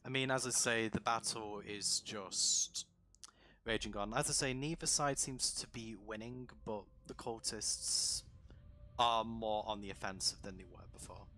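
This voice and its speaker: A man narrating as dungeon master for a tabletop game, in a relaxed, rambling way with many fillers. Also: fairly low pitch, a little slow, a little hiss or hum.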